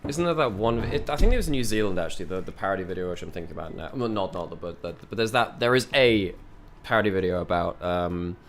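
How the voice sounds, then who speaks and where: British esports caster, low-ish voice, loose rambling chat. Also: male voice, animated, fast, slight background noise. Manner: rambling, stammering restarts. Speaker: esports caster and stream host. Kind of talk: casual live-stream chat.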